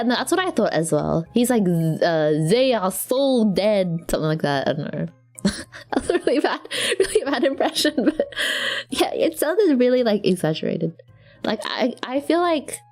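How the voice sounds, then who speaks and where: A woman's voice: a little high, a little mellow. A young Australian woman chatting casually on a live stream, rambling with frequent laughs and restarts. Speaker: vtuber streamer.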